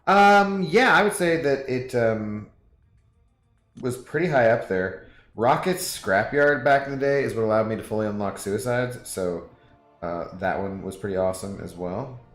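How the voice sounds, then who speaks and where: A man's voice: mid-range voice, expressive, moderate pace, a bit bright. A man with a Southern US accent, casually chatting with his stream viewers in a rambling way and laughing often. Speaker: game streamer. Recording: roomy room echo, faint music. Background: faint background music.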